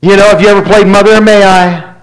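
High-voiced preacher telling a story. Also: male voice, fairly even intonation, fairly quick, poor audio. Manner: storytelling, acts out dialogue with God; confessional and self-deprecating, with asides to the congregation. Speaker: pastor. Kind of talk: sermon.

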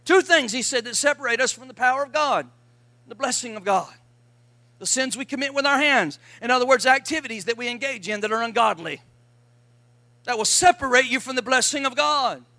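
High, bright-voiced preaching man. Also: brisk, dry recording. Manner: emphatic preaching with call-and-response to the congregation. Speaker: pastor. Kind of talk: sermon.

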